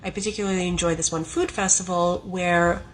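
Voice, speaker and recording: A woman's voice: fairly low pitch, fairly even intonation, a little fast, rough recording. Chatty Canadian woman, faint background hiss. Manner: chatty, incredulous retelling. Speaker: former financial advisor. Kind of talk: casual storytime to camera.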